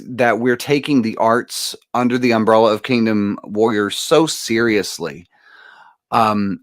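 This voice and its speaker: A man gives an earnest, rambling motivational talk, full of fillers and restarts. His voice sits low. The sound is dry and close, with no room around it. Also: no echo. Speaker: guest musician speaker. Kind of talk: casual motivational speech.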